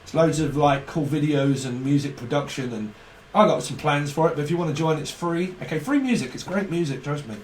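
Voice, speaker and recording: A man's voice: a little high, a little fast, echoey room, far from the mic, a little hiss or hum. A man giving a rambling, profane tarot reading, laughing often as he talks. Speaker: tarot reader.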